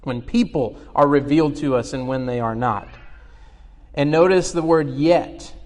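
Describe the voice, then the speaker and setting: A man's voice: mid-range voice, a little slow, darkish tone, in a large hall. A man preaching a sermon as pastor, earnest and explanatory, asking the congregation questions.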